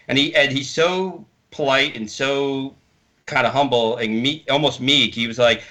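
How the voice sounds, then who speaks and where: A man speaking over a video call as an interview guest, telling casual stories with animated, profane retellings of what people said. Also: medium pitch, normal speed. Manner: animated, swearing, acts out quotes. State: hard of hearing. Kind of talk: casual storytelling.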